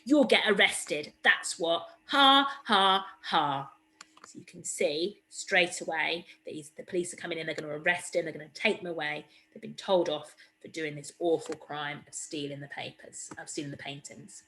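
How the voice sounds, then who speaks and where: A woman's voice: deep voice, level tone, brisk, hardly any pauses, fairly bright tone, rough recording. A woman teacher giving a recorded reading lesson, encouraging and explaining step by step. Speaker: primary school teacher.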